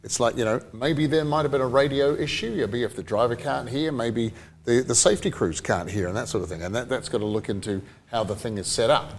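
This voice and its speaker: A man's voice: medium pitch, a little fast, a little hiss or hum. A man from New Zealand co-hosting a motorsport podcast, rambling and chatty, often laughing. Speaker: podcast co-host. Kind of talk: casual chat.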